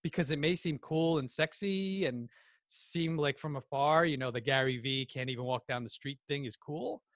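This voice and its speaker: A man with a New Jersey accent, a podcast guest telling animated stories and acting out quotes in casual chat. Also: a little high, moderate pace, dry recording, studio quality. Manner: animated storyteller, acts out quotes.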